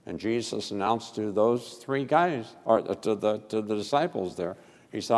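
A male pastor preaching a sermon with expressive delivery and sudden loud emphasis. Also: on the low side, normal speed, in a large hall.

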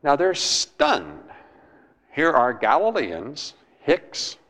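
A man's voice: mid-range voice, sing-song, measured pace, creaky, fairly bright tone. A man preaching a sermon in an emphatic way, repeating words and asking his listeners questions. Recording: long hall reverb.

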